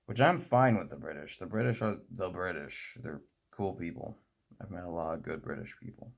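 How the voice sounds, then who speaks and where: A man's voice: low voice, moderate pace, creaky. An American man chatting casually and rambling while servicing a model train, often laughing at his own remarks. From United States. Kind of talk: casual chat while working.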